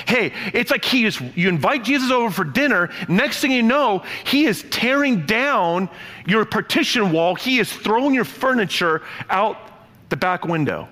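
A man preaching a sermon, lively and playful, acting out the voices in his stories. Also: high-pitched, moderate pace. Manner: animated, playful, acts out quotes. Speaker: pastor. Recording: long hall reverb.

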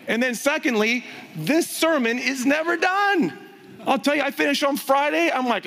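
A man preaching a sermon as pastor, animated, swinging between loud emphasis and hushed whispers. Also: extremely high pitch, moderate pace. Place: church sanctuary. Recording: hall reverb.

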